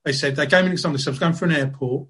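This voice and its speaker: Man, slightly high voice, husky, rapid chatty delivery. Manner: quick, animated, swearing freely. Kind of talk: casual conversation.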